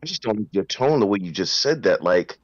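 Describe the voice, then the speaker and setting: A man's voice: fairly low pitch, expressive, fairly quick, dry recording, dull audio. A man co-hosting a gaming podcast, ribbing the host in a mock-offended way. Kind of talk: casual chat.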